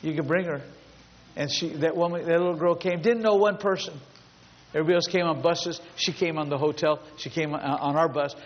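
Male pastor, fairly high voice, emphatic storytelling preacher; dull lo-fi recording with long hall reverb. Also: fairly even intonation, fairly quick. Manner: emphatic, builds long repetitive lists. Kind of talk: storytelling sermon.

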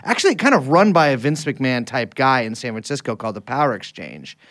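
A man's voice: medium pitch, big pitch swings, fairly quick, fairly bright tone. A man hosting a casual podcast, talking in a rambling, chatty way with frequent restarts. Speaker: podcast host.

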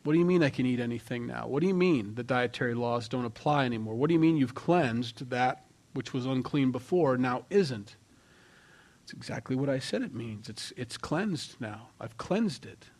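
A man preaching a sermon with a mid-range voice. He talks in a relaxed, conversational way and acts out quoted voices, swinging between loud and hushed. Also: medium pitch, moderate pace. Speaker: pastor.

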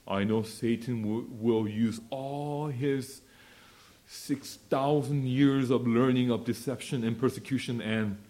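Man, preacher, dark mellow voice, passionate sermon, quiet asides then loud declarations. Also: mid-range voice. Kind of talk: sermon and closing prayer. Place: church fellowship meeting.

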